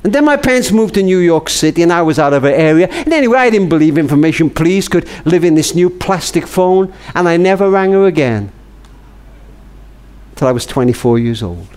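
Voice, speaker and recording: An older man telling a tender story in a talk, slowing to a hush on key words. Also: on the high side, lively intonation, clear, resonant tone. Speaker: speaker.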